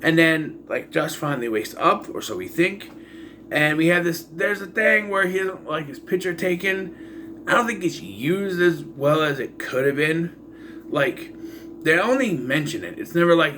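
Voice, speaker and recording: Expressive and unhurried, a man with a fairly high, pushed and bright voice reviews a horror film, with a little hiss or hum audible. This movie reviewer gives a loose, rambling plot retelling packed with asides and fillers, plus dry, exasperated notes on the story's holes.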